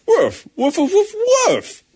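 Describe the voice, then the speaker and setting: A man doing the high, yelping barks of an angry male bear in a comedy podcast improv scene. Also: wildly swooping pitch, slow pace, gravelly, husky, exaggerated voice. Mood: frantic. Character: angry male bear who only woofs.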